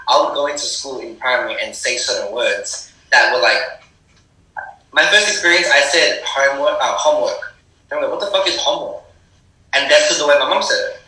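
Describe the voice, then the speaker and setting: A man's voice: mid-range voice, fairly quick, bright, forceful tone, far from the mic. A young Australian man, a rapper, talking earnestly in a casual interview, repeating words to stress his points. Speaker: rapper guest. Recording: roomy sound from off-mic.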